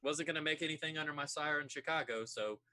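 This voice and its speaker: A man voicing a friendly male vampire nightclub owner with an easygoing, drawn-out charm. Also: on the high side, bright, forceful tone. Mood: sociable. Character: male vampire club owner, smooth and affable.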